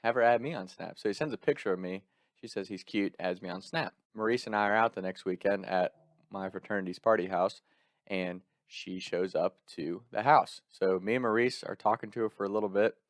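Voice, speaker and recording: A young man casually telling a personal story in an animated way, laughing often and swearing freely. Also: low-pitched, a little fast, dry recording, studio quality.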